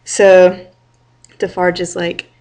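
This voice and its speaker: A woman who teaches high school English, explaining a novel to her class in a chatty way, with lots of "like" and "right?". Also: completely flat delivery, takes it slowly, darkish tone. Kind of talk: literature lecture with reading aloud.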